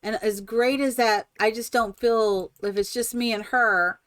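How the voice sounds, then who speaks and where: A woman hosting a live stream, chatting excitedly and rambling while she builds in a game. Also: on the high side, unhurried, dry recording. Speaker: streamer host.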